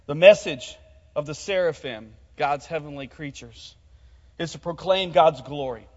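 A man with a high voice preaches a sermon in a church hall. He calls on the congregation to speak along with him. The sound is muffled, and a long reverb trails off each line. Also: a little slow, darkish tone. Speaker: pastor.

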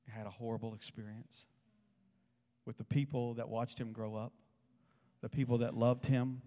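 Emphatic preacher in an echoey hall. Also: male voice, mid-range voice, level tone, moderate pace, mellow. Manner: emphatic, asks the congregation to repeat lines. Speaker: pastor. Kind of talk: sermon. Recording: echoey hall with long reverb.

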